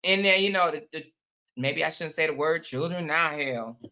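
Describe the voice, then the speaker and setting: A woman with a low, pushed, bright voice hosts a casual livestream at a moderate pace. Chatting with viewers, she greets them by name and calls them y'all and honey.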